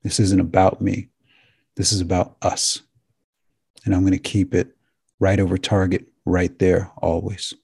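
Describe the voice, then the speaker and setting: Deep gravelly earnest man. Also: monotone, darkish tone, dry recording, studio quality. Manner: earnest, emotional, halting with restarts. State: tearing up. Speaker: podcast host. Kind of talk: heartfelt monologue to listeners.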